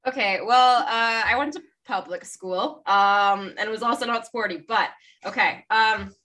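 A chatty woman with a bright, forceful tone rambles through her notes as a podcast co-host, often correcting herself mid-sentence. Her voice sits a bit back from the mic. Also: fairly high pitch, a little slow, far from the mic. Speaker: podcast co-host presenting the research. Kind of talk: casual chat.

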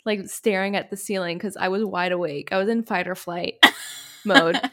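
A woman co-hosting a casual podcast chat. She tells stories animatedly, acts out quotes with big pitch jumps, and fills her speech with "like". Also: steady tone, moderate pace, fairly bright tone. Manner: heavy use of "like" as filler. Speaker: podcast co-host.

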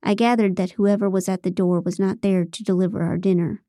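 Woman narrating an audiobook, mellow and dry. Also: medium pitch, steady tone, brisk, no room sound. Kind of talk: scripted narration.

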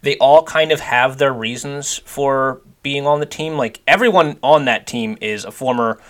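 A man co-hosting a wrestling podcast, giving relaxed, opinionated takes with lots of "like" in a casual chat. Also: medium pitch, normal speed.

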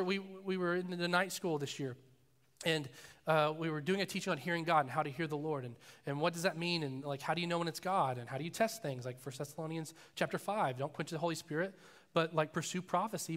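A pastor preaching a sermon in a loose, casual way, telling stories and acting out voices in them. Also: male voice, fairly high pitch, big-room sound. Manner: casual, animated storytelling with acted voices. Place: church sanctuary.

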